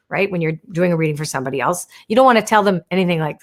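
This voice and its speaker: A woman hosting a live stream, chatting as she answers viewer questions about oracle cards, explaining gently with lots of "right?" and "you wanna.". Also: lowish voice, expressive, brisk.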